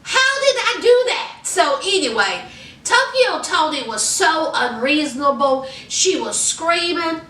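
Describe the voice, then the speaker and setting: A woman giving a casual, sassy gossip recap in an animated storytelling way, calling her viewers honey and y'all. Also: high-pitched, measured pace, recorded from a distance. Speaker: recap vlogger. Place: indoor room under hot lights. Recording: roomy, mic set back.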